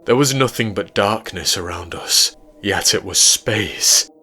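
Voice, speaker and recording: A man with an English accent narrating a horror story in a measured, low-key way. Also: sharp tone, soft background music.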